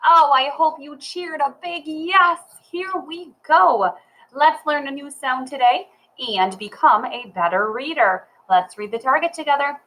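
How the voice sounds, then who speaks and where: A woman teaching a children's phonics lesson, cheerful and slow, talking straight to the child. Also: sits high, fairly bright tone, low-quality recording. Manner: cheerful, slow and sing-song, talks to the child. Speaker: reading teacher.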